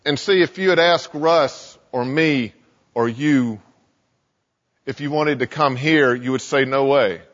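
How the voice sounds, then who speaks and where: A man's voice: fairly high pitch, unhurried, a bit bright. A male pastor giving a sermon in a church sanctuary, talking conversationally and often repeating words as he starts sentences. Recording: echoey hall, dull sound.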